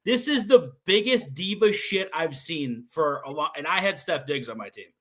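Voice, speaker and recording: A man's voice: a little high, lively intonation, normal speed, pushed and bright. A man co-hosting a casual sports chat over a video call, blunt, needling and profane. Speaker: podcast co-host.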